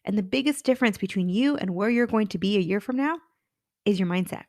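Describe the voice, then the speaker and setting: A woman's voice: mid-range voice, quick pace, darkish tone, no echo, clean studio sound. A woman in her thirties, a career coach and podcast host, telling her own story candidly and acting out her past thoughts. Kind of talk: personal storytelling.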